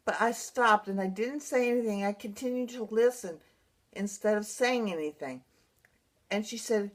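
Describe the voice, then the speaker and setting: A woman's voice: mid-range voice, moderate pace. A woman, earnestly telling a rambling personal story to her viewers. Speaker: blogger sharing personal experience. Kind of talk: casual personal storytelling to camera.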